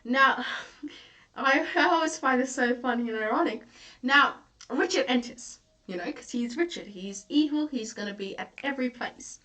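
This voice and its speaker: A woman's voice: fairly high pitch, a bit bright, distant mic. A young woman tutoring an online literature lecture, chatty, with many fillers and self-corrections.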